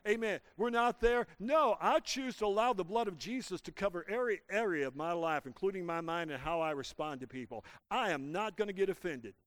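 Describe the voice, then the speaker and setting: Male pastor mid-sermon, high and smooth voice, dry close sound. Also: expressive, a little fast, hardly any pauses, fairly bright tone, dry recording. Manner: preaching with call-and-response to the congregation. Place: church.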